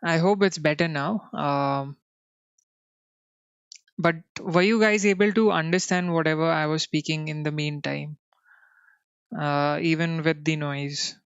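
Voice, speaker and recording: A man's voice: a little high, steady tone, a little slow, pauses often, a bit bright, smooth, dry recording, lo-fi sound. A man with an Indian English accent teaching a live coding lesson. He fills his talk with "you know" and keeps checking in with his viewers. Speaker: coding instructor.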